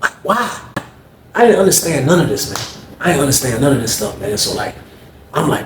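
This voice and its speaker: A man from Norfolk, Virginia telling a story in casual slang, animated and constantly saying "man". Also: medium pitch, fairly quick. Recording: echoey room, faint noise.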